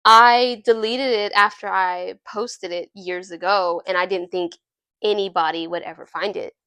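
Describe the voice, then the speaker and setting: A woman voicing an earnest, dorky young man in a casual spoken retelling, sincere and a little lower than her usual speech. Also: steady tone, a little slow, bright, forceful tone, clean tone, no echo.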